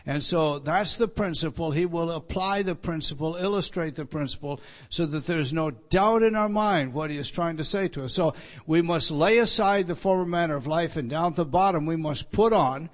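A man's voice: on the high side, moderate pace. A man preaching a sermon as pastor, teaching through a passage emphatically and repeating his points. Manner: emphatic, repetitive teaching with many restarts.

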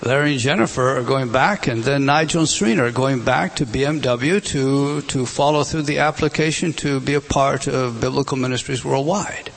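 A man's voice: medium pitch, moderate pace, creaky, few pauses. A middle-aged man preaching a sermon, emphatic, with rhetorical questions. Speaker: pastor.

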